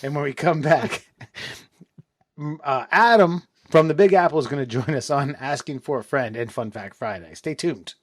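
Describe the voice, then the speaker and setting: A man's voice: fairly high pitch, moderate pace. A man hosting a comedy podcast in a loose, joking way, swearing and stumbling over his words. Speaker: podcast host. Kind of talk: casual comedic podcast chat.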